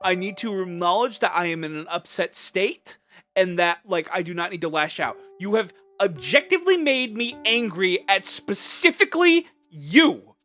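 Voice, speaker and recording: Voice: mid-range voice, sing-song, fairly bright tone, soft background music. Impassioned, exasperated streamer venting. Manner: impassioned, upset but measured. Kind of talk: venting to a livestream chat.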